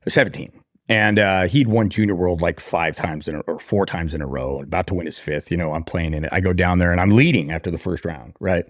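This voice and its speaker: A man from California, a podcast guest, telling stories in an animated, slangy way. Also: low voice, fairly quick, no room sound, clean studio sound. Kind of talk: casual storytelling interview.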